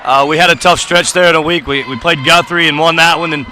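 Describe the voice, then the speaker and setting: A man's voice: a little high, steady tone, quick pace, bright, forceful tone. A man, a basketball coach, talking casually in a courtside interview, rambling with many fillers and restarts. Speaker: boys basketball coach, guest. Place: gym during a game.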